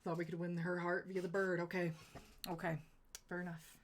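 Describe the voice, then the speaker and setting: A young adult woman is streaming live, chatting casually and rambling through stories with plenty of "like" and quick laughs. Her voice is lowish, with little pitch movement.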